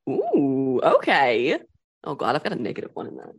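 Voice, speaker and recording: A woman's voice: extremely low pitch, huge pitch swings, normal speed, creaky, slightly rough. A woman player in a tabletop game, self-deprecating and giggly.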